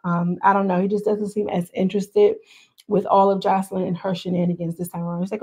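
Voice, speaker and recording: A young woman recaps a reality show in a loose, gossipy way, speaking straight to her viewers. She talks with a medium-pitched voice. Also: level tone, fast talker, dark tone, breathy edge. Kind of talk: casual recap commentary.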